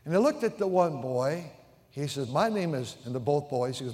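A man's voice: on the high side, lively intonation, moderate pace, a little mellow. A man in his seventies with an American accent, preaching a sermon as pastor and telling a story with stammering repeats. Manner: storytelling, stammering repeats, acts out quoted voices. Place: large church sanctuary. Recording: echoey church hall reverb.

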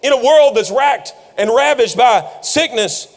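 A man preaching a sermon, retelling scenes with rising passion and frequent shouts. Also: very high-pitched, lively intonation, measured pace. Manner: impassioned storytelling preacher, often shouting.

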